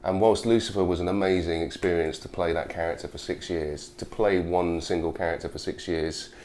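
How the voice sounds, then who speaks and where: Low-voiced man, chatty. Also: fairly even intonation, brisk, a little mellow, a little hiss or hum. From United Kingdom. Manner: chatty, rambling with many fillers. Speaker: actor guest. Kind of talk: casual interview chat.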